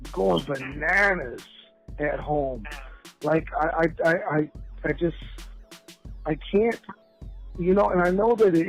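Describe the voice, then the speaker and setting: A man's voice: a little high, breathy edge, rough recording. A man telling rambling, profane stories in casual chat as a podcast guest. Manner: rambling, profane, animated storytelling.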